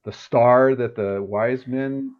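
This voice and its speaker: A man's voice: mid-range voice, fairly even intonation, takes it slowly, phone-quality sound. A man co-hosting a casual spiritual chat show, talking in a loose, rambling way. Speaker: co-host.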